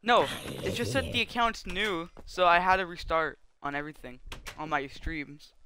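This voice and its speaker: A man chatting casually to his stream, halting and stumbling over his words. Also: sits high, lively intonation, noisy background.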